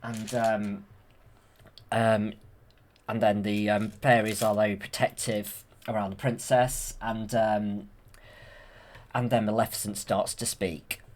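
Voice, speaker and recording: A man's voice: fairly low pitch, little pitch movement, takes it slowly, long pauses. A man hosting his channel, retelling a film from memory with enthusiasm and plenty of fillers and restarts. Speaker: channel host.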